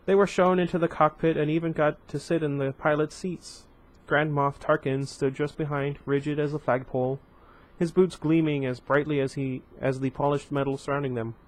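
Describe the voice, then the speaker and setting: Casting: relaxed man reading a novel aloud, stumbles and corrects himself, chatty asides. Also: a little high, moderate pace, hardly any pauses. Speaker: book reader.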